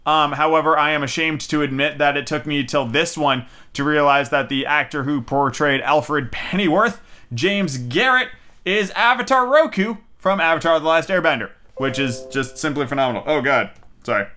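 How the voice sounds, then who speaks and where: A young man giving a casual, rambling movie review, excitable and full of fillers and swearing. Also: fairly high pitch, normal speed.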